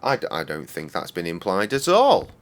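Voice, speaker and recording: A man's voice: low-pitched, wildly swooping pitch, normal speed. A man in his thirties streaming a game, rambling and joking with lots of swearing. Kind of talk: casual game stream commentary.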